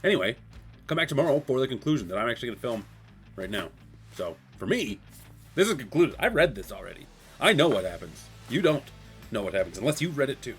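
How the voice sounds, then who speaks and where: A man excitedly recapping a comic book issue in a casual, rambling way, acting out the characters' lines. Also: medium pitch, fast, soft background music. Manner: excitable, rambling, acts out quotes.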